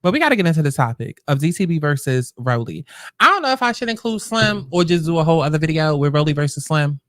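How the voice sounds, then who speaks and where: A chatty woman hosting a reaction commentary, rambling from one thought to the next. Her pitch swings widely as she talks. The sound is dry and close on the mic. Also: big pitch swings, quick pace, fairly bright tone, no echo. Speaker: host. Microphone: close podcast mic.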